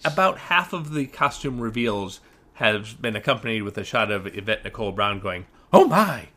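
A man's voice: on the low side, normal speed, bright, forceful tone. A man co-hosting a casual podcast chat, recapping TV shows with wry, rambling asides and frequent restarts. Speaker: podcast co-host.

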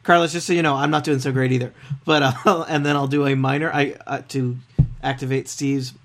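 A man with a gravelly edge to his voice plays in a tabletop game. He drops wry jokes and puns between turns in casual podcast talk. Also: medium pitch, little pitch movement, a little fast, a bit bright. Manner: wry, punning. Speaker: player.

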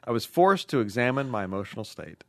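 A man co-hosting a comedy podcast and reading listener letters in a dry, mock-formal way that breaks into loud mock shouting. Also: medium pitch, sing-song, quick pace, vocal fry, no room sound. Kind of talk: casual comedic chat.

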